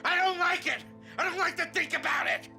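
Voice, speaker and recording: A man's voice: very high-pitched, fairly quick, vocal fry. An actor playing an unhinged older man spilling traumatic memories in a dramatic, emotional delivery, in a TV clip with music behind. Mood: agitated.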